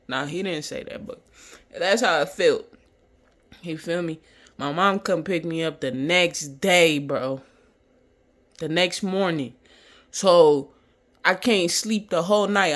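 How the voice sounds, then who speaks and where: A young man casually telling a personal story, profane and animated, acting out the people he quotes. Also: high voice.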